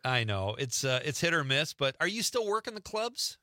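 A man hosting a show, chatty and quick to tell stories and laugh. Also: a little high, very animated, bright, forceful tone, dry recording, clean studio sound. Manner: chatty, storytelling, laughs easily. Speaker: host. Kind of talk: casual interview chat.

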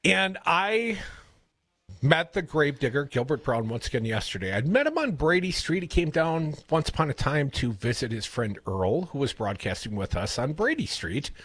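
A man with a Wisconsin accent hosting a radio show, telling rambling stories in a casual, animated way. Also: a little high, normal speed, husky, no room sound. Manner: chatty, rambling storyteller, animated. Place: radio studio. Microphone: studio broadcast mic.

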